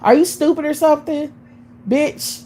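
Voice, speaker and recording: A woman's voice: high-pitched, steady tone, normal speed, warm tone, slight background noise, poor audio. Brash, scornful woman ranting on stream. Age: 30s. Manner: blunt, scornful, swears constantly, laughs mid-rant. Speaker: livestream host. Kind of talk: profane live-stream rant.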